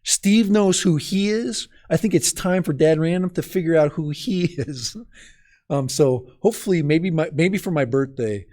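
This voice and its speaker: A man from Minnesota, with a medium-pitched, darkish voice, hosts a live stream outdoors in the cold. He chats casually and rambles as he speaks straight to his viewers.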